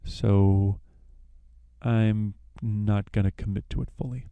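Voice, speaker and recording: A man's voice: on the low side, level tone, takes it slowly, clear, resonant tone, dry recording, narrow, tinny audio. A young man hosting a podcast, casually retelling a plot with lots of fillers and self-corrections. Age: young adult. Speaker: podcast host.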